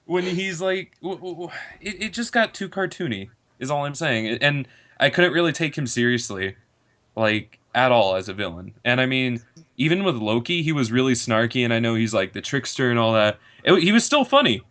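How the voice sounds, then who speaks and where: A man talks casually on a podcast call, ranting at length and slipping into quick character impressions. His pitch sits in the middle range. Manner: animated, mimics characters while ranting. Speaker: podcast guest.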